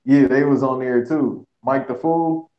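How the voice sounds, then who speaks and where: A man trading quick slangy jokes on a podcast. His voice bounces around a roomy space, and the sound is a little dull and lo-fi. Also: medium pitch, fairly even intonation. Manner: quick joking comebacks, slangy. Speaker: podcast guest. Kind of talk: casual podcast banter.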